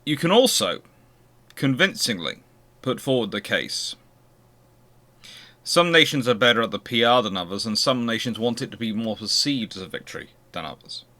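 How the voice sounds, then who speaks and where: Bright-voiced man giving a history talk. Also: medium pitch, animated, normal speed. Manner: explanatory, poses rhetorical questions. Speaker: history channel host. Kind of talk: unscripted history lecture.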